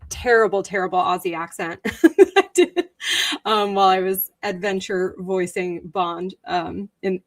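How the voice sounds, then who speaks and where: A woman hosting a casual livestream, greeting viewers by name, chatty with many ums and frequent giggles. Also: medium pitch. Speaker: livestream host.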